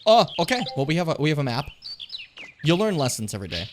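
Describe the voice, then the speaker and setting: A young man streaming a video game, joking and swearing, with sudden shouted outbursts. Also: on the high side, sing-song, fast talker, slight background noise. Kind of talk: casual live-stream commentary.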